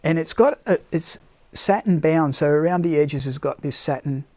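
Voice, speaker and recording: A man's voice: on the high side, normal speed, a little mellow, no echo. A man presenting blankets on a casual live stream, talking unscripted and searching for words as he goes. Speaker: product presenter.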